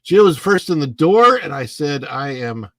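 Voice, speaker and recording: Middle-aged male livestream host, sleepy, rambling chat, gravelly tone, dry close clip-on mic. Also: fairly high pitch, sing-song, fairly bright tone, no room sound. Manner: chatty, rambling, sleepy and unhurried, with fillers. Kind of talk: casual livestream chat, reading viewer comments. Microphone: clip-on mic under his face.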